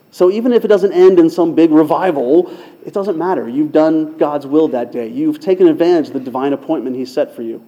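A man preaching in a relaxed, conversational way, working through a personal anecdote with filler words and a self-deprecating edge. His voice is mellow and sits a little high for a man, and the recording sounds slightly dull and lo-fi. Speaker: pastor. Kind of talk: sermon-style storytelling.

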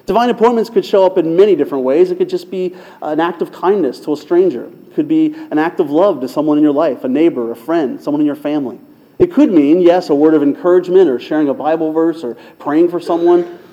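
A man preaching in a relaxed, conversational way, working through a personal anecdote with filler words and a self-deprecating edge. His voice is mellow and sits a little high for a man, and the recording sounds slightly dull and lo-fi. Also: quick pace. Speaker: pastor. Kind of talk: sermon-style storytelling.

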